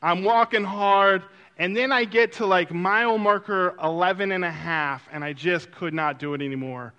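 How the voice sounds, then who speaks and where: A man telling a personal story in a sermon-like way, acting out quotes and then turning soft and reflective. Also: high voice, moderate pace, clean tone, lo-fi sound. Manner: animated, acts out quotes, drops to a soft reflective tone.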